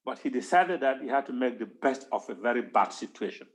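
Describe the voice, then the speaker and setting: A man's voice: mid-range voice, a little fast, hardly any pauses. A man giving an impassioned talk on history at an online town hall, stressing points by repeating words. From Cameroon.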